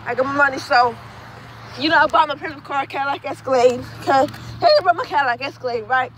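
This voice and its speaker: A woman's voice: sits high, fast, fairly bright tone, a little hiss or hum. A young woman telling a rambling, profane storytime vlog outdoors at dusk, tagging her phrases with "okay?". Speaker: student vlogger.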